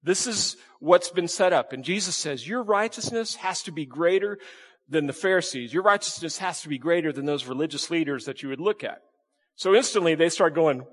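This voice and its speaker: Male pastor, animated delivery, a touch high, long hall reverb, preaches with questions and light humor. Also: normal speed. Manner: lively, questioning the congregation, playful asides. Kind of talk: sermon. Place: church sanctuary with congregation.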